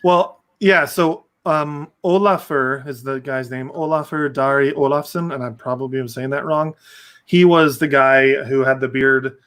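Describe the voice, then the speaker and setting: A man's voice: medium pitch, fairly even intonation, measured pace, a bit bright, smooth. A young man hosting a casual movie review podcast, rambling with frequent restarts. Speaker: podcast host.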